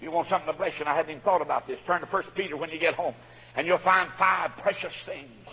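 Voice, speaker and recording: A man preaching a sermon, fervent and swinging between quiet storytelling and shouts. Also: fairly high pitch, fairly even intonation, quick pace, husky. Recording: phone-like audio with long hall reverb.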